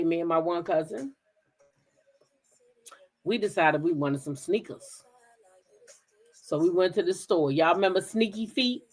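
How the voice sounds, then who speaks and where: A woman hosts a casual gossip livestream at an ordinary mid pitch. She tells her stories in an animated, profane way and talks straight to her viewers. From Kensington, Maryland, near Washington DC. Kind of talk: casual chat with live viewers.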